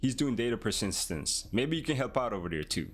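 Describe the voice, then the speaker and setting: A man's voice: mid-range voice, very animated, brisk, a bit bright. Male stream host, laid-back, thinks aloud with chat; faint music in the mix. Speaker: livestream host, programmer. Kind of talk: casual livestream chat.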